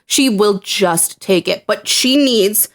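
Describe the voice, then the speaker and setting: A woman's voice: medium pitch, expressive, slow. A woman co-hosting a podcast in casual chat, emphatic and analytical. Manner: emphatic, analytical, acts out quotes. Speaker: podcast co-host.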